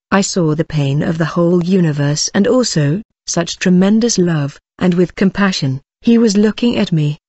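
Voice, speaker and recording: A woman's voice: on the low side, a little mellow, dry recording. A woman earnestly telling her religious testimony, speaking directly to her listeners. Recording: dull dry lo-fi recording.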